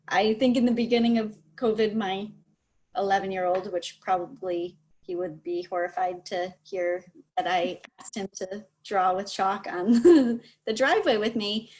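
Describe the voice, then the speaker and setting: A woman's voice: mid-range voice, darkish tone. A woman giving practical advice in an easygoing, encouraging way over a video call, laughing easily. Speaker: speech-language advisor. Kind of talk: casual advice chat.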